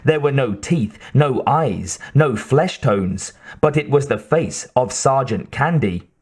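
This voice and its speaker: A man narrating an audiobook in a measured, steady way. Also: mid-range voice, breathy edge. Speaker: audiobook reader.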